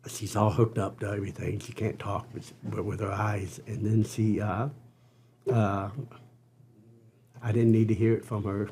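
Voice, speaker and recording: An older man, a podcast guest, telling an earnest personal story with halting restarts. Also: on the low side, level tone, dark tone, slight background noise. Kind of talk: storytelling interview.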